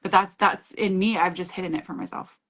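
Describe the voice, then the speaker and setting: A woman's voice: on the low side, steady tone, a little fast, a bit bright. A woman in her forties, a class facilitator, talking casually on a video call and acting out her own quoted dialogue with frequent laughs.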